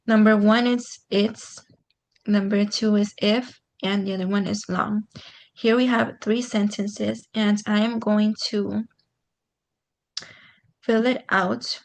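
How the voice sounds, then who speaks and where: A woman teaches punctuation in an online class, walking through each example patiently and filling pauses with "um." Her voice carries a gravelly fry, and her pitch stays fairly level and even throughout. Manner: patient, explains step by step with many "um"s. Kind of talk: online grammar lesson.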